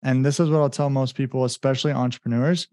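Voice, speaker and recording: A man's voice: medium pitch, steady tone, fast, darkish tone, no echo, studio quality. A man, a business coach and guest, telling his story in a rambling casual way with many fillers and acted-out quotes. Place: home in Mexico.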